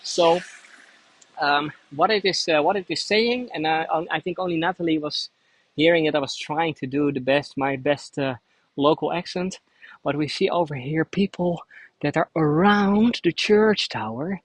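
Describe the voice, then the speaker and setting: A man's voice: a little high, normal speed, dry recording, rough recording. A Dutch man, a native Dutch speaker using English, guides a cycling tour of a city outdoors and explains at length with frequent restarts. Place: outdoors in a city square, riding a bike.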